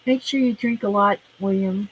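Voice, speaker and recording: A woman's voice: mid-range voice, moderate pace, breathy edge, muffled recording. A woman in a casual sewing chat who gives caring, practical advice.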